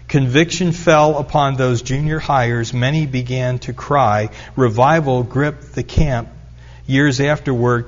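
A middle-aged man preaching a sermon, telling stories and building up to emphatic repetition. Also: medium pitch. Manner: storytelling, rising to emphatic repetition. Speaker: pastor. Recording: dull lo-fi recording.

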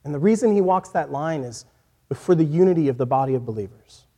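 A man preaching a sermon in an earnest voice that moves from quiet, reflective passages to emphatic points. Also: fairly high pitch, expressive, fast talker. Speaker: pastor.

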